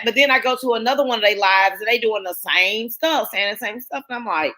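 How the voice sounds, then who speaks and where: A woman's voice: on the high side, lively intonation, moderate pace, sharp tone. A woman hosting a casual live-stream panel. She tells stories in a chatty way and acts out the lines she quotes.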